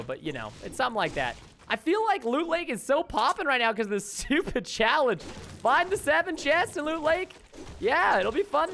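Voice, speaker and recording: Very high-pitched, pushed and bright, this young man's voice carries a little hiss or hum. As a gaming YouTuber, he chats through his gameplay with mock grumbles and jokes aimed at his viewers.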